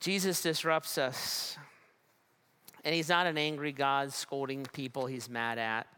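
A pastor preaching a sermon in a conversational way, with humor and frequent restarts. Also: male voice, mid-range voice, steady tone, unhurried, sharp tone, smooth.

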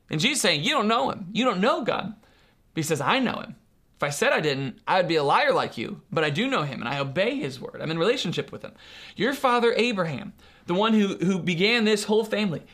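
Earnest preacher with slow emphatic stresses. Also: mid-range voice, fairly bright tone. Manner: earnest, emphatic, asks rhetorical questions; repeats and restarts phrases, slows for emphasis. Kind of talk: sermon.

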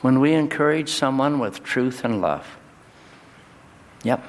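A male pastor delivering a sermon in a church, his voice jumping high and loud on key words. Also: lively intonation, unhurried. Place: church sanctuary. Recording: long hall reverb, faint ambience.

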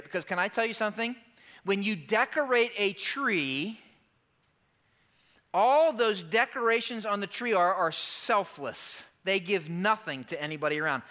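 High, bright-voiced man preaching in a hall. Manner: emphatic, animated preaching with quoted lines and asides. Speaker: pastor. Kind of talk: sermon. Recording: long hall reverb.

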